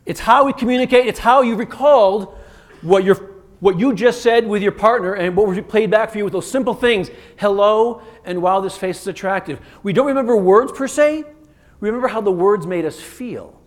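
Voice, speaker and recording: A man giving an interactive keynote as a communication coach, energetic and firing quick commands at the audience. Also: sits high. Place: conference stage in a large hotel venue.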